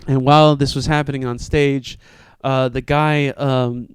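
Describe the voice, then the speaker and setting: A young man telling a comedy story in casual podcast chat, acting out shouted quotes with lots of energy. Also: mid-range voice, measured pace, clear, resonant tone, no echo. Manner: animated, acts out shouted quotes. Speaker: comedian and show organizer.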